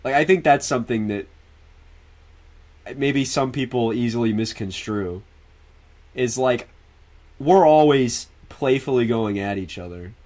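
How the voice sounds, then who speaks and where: A man's voice: mid-range voice, a little slow, long pauses, a little mellow. Male streamer, loose and profane, chats and laughs with his viewers. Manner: answers viewers directly. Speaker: livestreamer. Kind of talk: casual stream chat.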